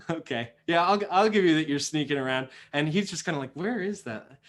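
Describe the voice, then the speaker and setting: Young male game master, a bit high-pitched, rambling filler-heavy narration. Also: brisk, a bit bright. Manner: rambling, many fillers and restarts.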